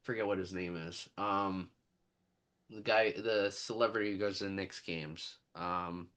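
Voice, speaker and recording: A man co-hosting a casual movie discussion, speaking hesitantly and haltingly. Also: low-pitched, steady tone, a bit bright. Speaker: movie podcast co-host.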